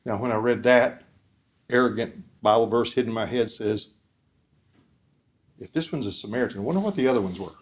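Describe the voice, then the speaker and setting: A man with an ordinary mid-range voice delivers an earnest preaching talk. He leans on call-and-response questions to his listeners and swings between loud emphasis and soft, quiet lines. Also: mid-range voice, brisk, long pauses. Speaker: speaker at a discipleship forum.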